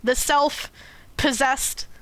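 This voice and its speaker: A woman streamer casually recapping a game's story, animated, often laughing and swearing. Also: sits high, extremely slow, dry recording. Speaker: game streamer. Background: faint game music.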